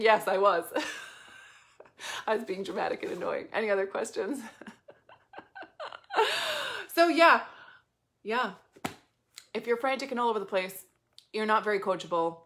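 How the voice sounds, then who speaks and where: A woman's voice: medium pitch, a little slow, pauses often. Blunt, profane woman coach. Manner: blunt, heavy swearing, animated. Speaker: business coach. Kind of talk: casual motivational talk to viewers.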